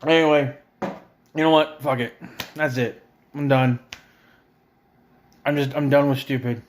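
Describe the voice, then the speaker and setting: A man's voice: medium pitch, steady tone, measured pace, slight background noise. Middle-aged guy, profane exasperated home vlog rant, sarcastic edge, mid-range voice. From Canada. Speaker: vlogger. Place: a friend's house, indoors.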